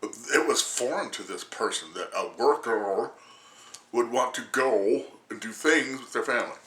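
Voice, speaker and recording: A man's voice: mid-range voice, lively intonation, unhurried, bright, forceful tone, echoey room. A man in his sixties ranting casually to camera, rambling and crude, laughing often as he talks. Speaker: vlogger.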